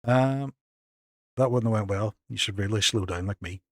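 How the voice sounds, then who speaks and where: A Northern Irish man streaming a game live, chatting casually with viewers and thanking them, excitable and self-mocking. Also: lowish voice, normal speed, no room sound, studio quality. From Northern Ireland.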